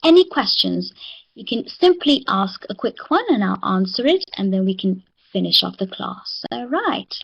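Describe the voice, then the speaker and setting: A woman's voice: medium pitch, very animated, gravelly, slightly rough, muffled recording. South African woman, online English teacher, encouraging. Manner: encouraging, drills words slowly.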